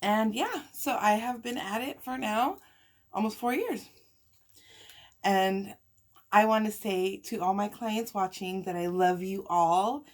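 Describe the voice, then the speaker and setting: A young woman with a mid-range voice, a mukbang vlogger, shares a personal story while eating. She speaks slowly in a casual, chatty, emotional way, often sighing and laughing.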